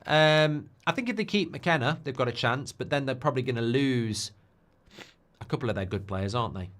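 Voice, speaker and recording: A man hosting a live stream in a lively voice that swings up and down a lot, talking in a casual, opinionated way. He keeps throwing in tag questions and slides into heated rants. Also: medium pitch, a little fast. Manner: chatty and opinionated, full of tag questions like "haven't they?"; gets heated and ranty when making a point. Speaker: host of a live football watchalong stream. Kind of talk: casual live-stream chat reacting to viewer messages.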